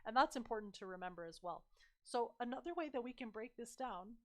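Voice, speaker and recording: A young woman tutoring math on a livestream, chatty and encouraging, her voice slightly hoarse. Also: on the high side, expressive, brisk. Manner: chatty, encouraging, addresses viewers as "you guys".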